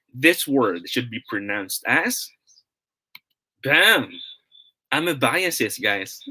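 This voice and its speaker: A man's voice: mid-range voice, sharp tone, low-quality recording. A young man with a Filipino accent, teaching an online English pronunciation lesson in a chatty, upbeat way, reading out and greeting viewer comments.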